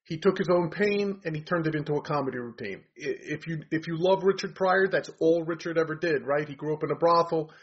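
A man's voice: fairly high pitch, a little fast, few pauses, breathy edge. A man giving blunt, rambling opinions in a casual chat about comedians. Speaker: comedy commentator. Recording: dull lo-fi audio.

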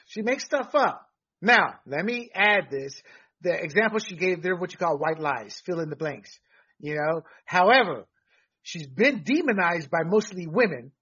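A man's voice: high voice, bright, forceful tone, slightly rough, dull audio. A man hosting a sports talk show, giving blunt, emphatic opinions with frequent fillers.

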